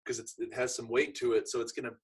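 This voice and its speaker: A man chatting casually as he explains and demonstrates arm training drills, with relaxed everyday examples. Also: medium pitch, fast, breathy edge, rough recording. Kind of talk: casual instructional chat.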